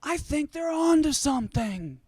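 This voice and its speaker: A host voicing a pleading, earnest, stoned male genius in a high, whiny tone. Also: big pitch swings, a little slow, a little mellow, no room sound. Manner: whiny, begging.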